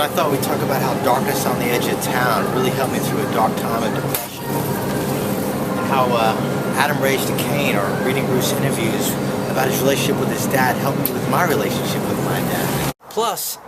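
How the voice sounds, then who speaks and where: A man's voice: medium pitch, moderate pace. A man from New Jersey telling a personal story in a wry, self-mocking way. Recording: handheld camera with loud vehicle noise.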